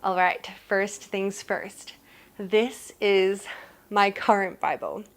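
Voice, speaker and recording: A young woman who grew up in New Zealand, chatting excitedly through a casual unboxing vlog and gushing with gasps. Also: medium pitch, slow pace. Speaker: vlogger.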